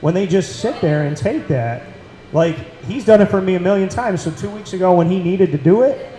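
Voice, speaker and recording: A podcast host with a Central New York accent runs a casual talk show in an echoey room. His voice sits high, expressive and mellow, and he talks briskly. He speaks earnestly and emphatically, repeating phrases for weight.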